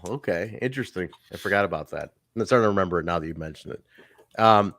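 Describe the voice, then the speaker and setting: A man's voice: sits low, fast, a little hiss or hum. A man hosting a casual review podcast, recapping events and acting out what people said. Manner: animated recapping, acts out quotes. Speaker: podcast host. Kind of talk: casual wrestling review chat.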